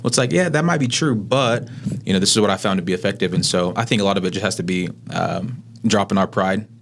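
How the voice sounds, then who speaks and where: A man's voice: deep voice, fast, creaky, a bit bright, slight background noise. A man in his thirties who is a pastor, co-hosting a podcast in an earnest, casual way that often ends with "right?". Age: 30s. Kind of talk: casual conversation.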